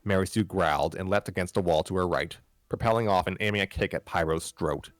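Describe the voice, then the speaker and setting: Reading a fan story to his live-stream audience, a very low-voiced man goes a little fast, tripping on words, starting lines over and adding dry asides. Soft music plays in the background, and the audio is dry with no room around it.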